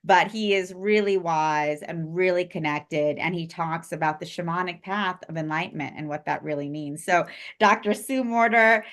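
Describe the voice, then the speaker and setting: A woman's voice: on the low side, normal speed, fairly bright tone. A woman co-hosting a live-stream chat, rambling with lots of fillers and speaking in an effusive, heartfelt way. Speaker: co-host presenting spiritual interview series.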